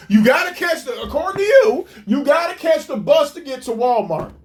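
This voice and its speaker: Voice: sits high, very animated, moderate pace, few pauses. A commentator ranting in a mocking, profane, incredulous way while reacting to a clip.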